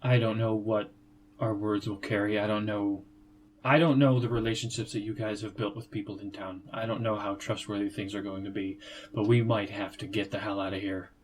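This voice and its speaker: Low-voiced man narrating as game master. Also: little pitch movement, a little fast, low-quality recording. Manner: descriptive, casual.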